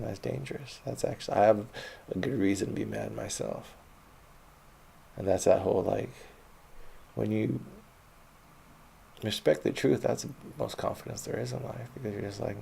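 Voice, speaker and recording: Young guy, gravelly dark voice, laid-back profane storyteller, faint noise in the background. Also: on the low side. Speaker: autobiographical podcaster. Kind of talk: rambling personal storytelling.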